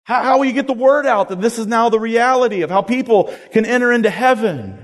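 Man acting out big male archangel, eager, stammering, reverent, high voice, long hall echo. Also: fairly quick. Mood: humble, curious.

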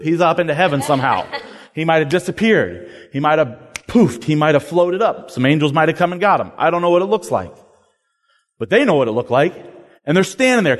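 A man giving an energetic, joking, conversational sermon to college students as a campus ministry speaker. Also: on the high side. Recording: long hall reverb.

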